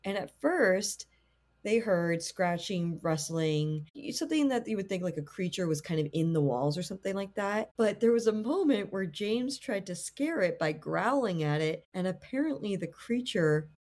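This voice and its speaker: A woman's voice: mid-range voice, lively intonation, moderate pace, darkish tone. A woman co-hosting a podcast who retells a spooky story in a chatty, casual way, dropping lots of "like" fillers. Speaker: podcast co-host.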